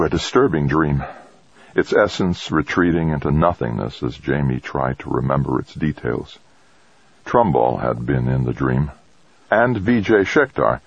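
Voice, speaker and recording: A man reading a novel aloud in a measured, steady narration. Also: very deep voice, vocal fry, breathy edge, no echo, highs cut off. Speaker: audiobook narrator.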